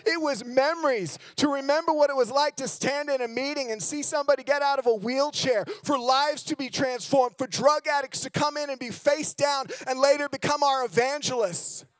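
A man preaching a sermon in a church, telling candid, self-mocking stories and swinging between loud emphasis and low, hushed lines. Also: fairly even intonation, moderate pace, few pauses, no echo. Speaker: guest preacher. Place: church sanctuary.

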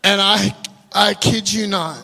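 A man preaching a storytelling sermon, animated and laughing at his own asides, addressing the congregation directly. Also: high-pitched, slow, creaky, soft background music. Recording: live sermon with long hall reverb.

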